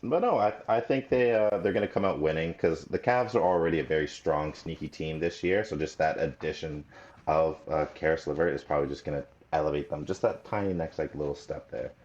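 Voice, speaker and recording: Deep-voiced laid-back podcast co-host. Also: male voice, fairly quick, a little mellow, muffled recording. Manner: laid-back, laughs easily. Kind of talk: casual sports chat.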